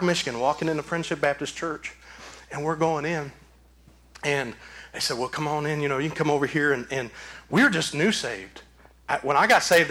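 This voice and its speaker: Emphatic high-voiced male pastor. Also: a bit bright. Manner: emphatic, repetitive preaching cadence. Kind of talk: sermon.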